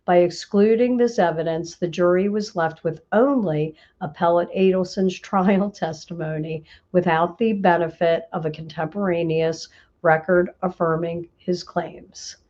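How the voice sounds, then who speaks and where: A woman's voice: lowish voice, steady tone, unhurried, darkish tone, muffled recording. A woman co-hosting a legal discussion, reading aloud and bluntly mocking the arguments. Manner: blunt, mocks the argument she reads. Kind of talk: casual chat and reading aloud.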